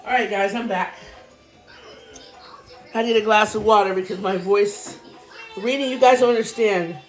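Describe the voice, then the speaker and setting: A woman's voice: medium pitch, faint music behind. Chatty woman vlogger, out of breath. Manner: reads figures fast, chatty asides to viewers. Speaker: vlogger reviewing a money program. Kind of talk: casual explainer talk.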